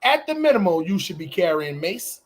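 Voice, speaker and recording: High-voiced animated man, profane banter. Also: moderate pace. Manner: animated, profane, swings pitch wildly acting out quotes. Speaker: podcast co-host. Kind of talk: casual morning show banter.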